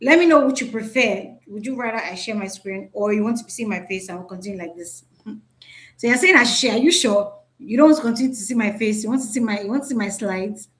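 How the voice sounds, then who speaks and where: A woman's voice: medium pitch, quick pace, fairly bright tone. A woman teaching a live online class over a video call, chatty and often checking in with "right?". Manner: chatty, repeats "right?", asks the audience.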